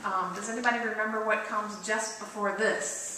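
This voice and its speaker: A woman pastor gives a conversational sermon, questioning her listeners and acting out the voices she quotes. Her voice is bright and forward, caught from a distance in a very echoey church sanctuary. A faint hiss sits beneath it. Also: medium pitch, moderate pace. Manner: conversational, asks the congregation questions; acts out quoted voices with lively shifts.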